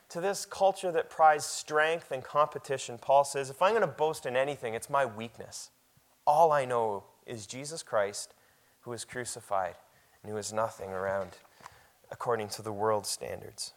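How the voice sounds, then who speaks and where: A man preaching a sermon in a conversational way, often repeating words and growing much louder and higher when he reads scripture aloud.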